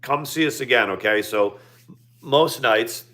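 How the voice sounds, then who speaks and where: A man's voice: mid-range voice, measured pace, bright, forceful tone. A man in his fifties chatting casually on a livestream, rambling with many fillers and restarts. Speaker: livestream co-host. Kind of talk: casual chat.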